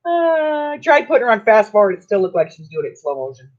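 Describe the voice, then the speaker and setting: A middle-aged woman chats casually on a livestream while she crafts, teasing and laughing often. Her mid-range voice is very animated, fast, and a little mellow. The stream audio is dull and lo-fi.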